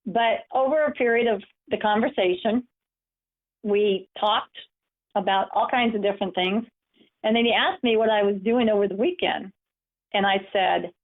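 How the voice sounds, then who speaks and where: Speaking at normal speed in a mid-range voice, an American empowerment coach tells encouraging personal stories during her webinar presentation. The sound comes through webinar call audio with a narrow, phone-like quality.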